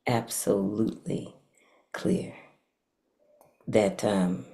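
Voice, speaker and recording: A woman's voice: a bass voice, steady tone, drawn-out words, gravelly, warm tone. A woman giving heartfelt, emphatic thanks to her mentors, repeating phrases for weight.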